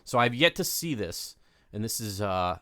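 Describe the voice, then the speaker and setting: A man's voice: lowish voice, very animated, moderate pace, pushed and bright, no echo. A man co-hosting a radio-style podcast, talking in a playful, chatty way with plenty of fillers. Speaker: podcast co-host. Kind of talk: casual chat.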